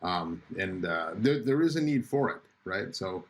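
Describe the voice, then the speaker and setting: A man with a deep, low voice co-hosts a casual discussion. He adds short, easygoing comments in a relaxed, conversational way. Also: measured pace. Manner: brief interjections, conversational. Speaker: podcast co-host.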